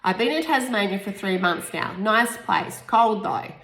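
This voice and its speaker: A woman's voice: mid-range voice, lively intonation, a little slow, fairly bright tone. A woman reading a friendly bearded festival guard. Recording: echoey room.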